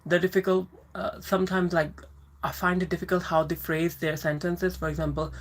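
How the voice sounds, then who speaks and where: A woman's voice: on the low side, flat delivery, normal speed. Chatty woman hosting a live Q&A. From moved to the UK from abroad. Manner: chatty, rambling, reads out viewer comments and greets them by name. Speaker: livestream host answering viewer questions. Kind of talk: casual live Q&A chat.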